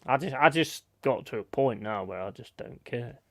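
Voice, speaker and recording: On a live stream, a man chats casually, telling blunt stories full of swearing and reading out comments from the chat. His medium-pitched voice is expressive and moves at a normal speed, with no room sound.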